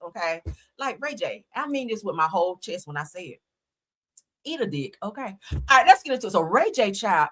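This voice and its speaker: A woman's voice: mid-range voice, fairly bright tone. A woman hosting a casual celebrity news show, reading stories aloud and breaking off into sassy, profane, sarcastic asides. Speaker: host.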